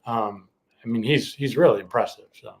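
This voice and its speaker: A man's voice: medium pitch, moderate pace. A man co-hosting a podcast, speaking in a casual, hesitant way with many fillers. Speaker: podcast co-host. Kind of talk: casual chat.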